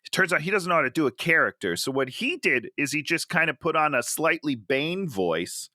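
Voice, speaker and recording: Male co-host, bright and lively, sarcastic ranting, dry close sound. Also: on the high side, a little fast, no echo. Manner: animated, sarcastic, acts out quotes. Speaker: podcast co-host. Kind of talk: casual movie review chat.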